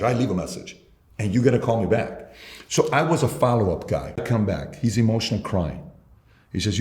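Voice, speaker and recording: A man's voice: fairly low pitch, animated, fast talker, darkish tone. A man, a guest entrepreneur, giving advice in casual conversation, emphatic and repeating his key points. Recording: roomy echo.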